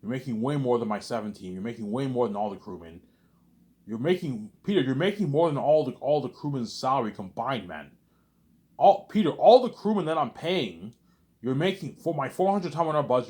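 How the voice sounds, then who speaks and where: A man in a casual rambling monologue, animated and repetitive, arguing back and forth with himself. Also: mid-range voice, fairly quick. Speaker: vlogger.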